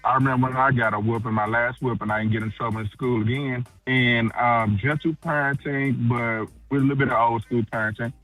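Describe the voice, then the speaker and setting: A man's voice: medium pitch, steady tone, a little fast, few pauses, a bit bright, faint music behind. A man from St. Louis calling into a radio show, speaking plainly and earnestly. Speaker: caller. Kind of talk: radio call-in.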